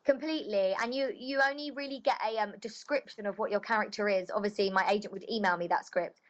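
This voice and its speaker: A woman's voice: medium pitch, steady tone, quick pace. Woman voice actress just chatting away, lots of "kind of", bit muffled sound. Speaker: voice actress guest. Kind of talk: casual interview chat.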